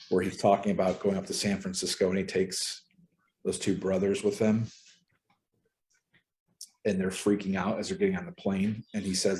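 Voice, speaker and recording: Low-pitched man leading a casual book study over a video call, relaxed and chatty. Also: a little hiss or hum. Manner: relaxed, conversational, uses filler ums. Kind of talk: casual group discussion. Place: home.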